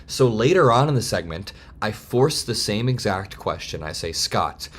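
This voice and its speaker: A man in his twenties giving heated, fast political commentary straight to camera. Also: fairly low pitch, animated, fairly bright tone. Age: 20s. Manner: heated, fast, worked-up ranting.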